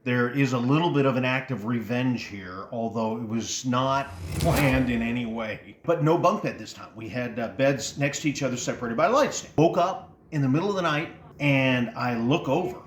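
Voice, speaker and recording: A middle-aged man from Texas telling comic stories from his childhood, animated and laughing as he acts out moments. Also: medium pitch, normal speed, few pauses, slight background noise. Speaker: storyteller. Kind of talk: comic personal storytelling. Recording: roomy sound with faint music.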